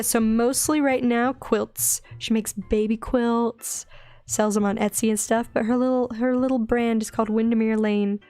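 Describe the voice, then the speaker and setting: A young woman with a light Southern accent chats in a bubbly, rambling, easily excited way as she works on a drawing. Her voice sits a little high. It is recorded close and dry, with soft music playing underneath. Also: no echo. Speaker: digital artist streaming her drawing. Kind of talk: casual chatty art stream.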